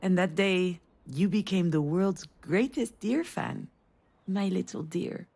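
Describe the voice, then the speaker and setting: A woman voicing a mother in a video game, telling a family memory in a warm storytelling manner. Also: fairly low pitch, takes it slowly, vocal fry, full character voice. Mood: tender. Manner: warm storytelling, rising to excited cries. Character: tender mother remembering a family trip.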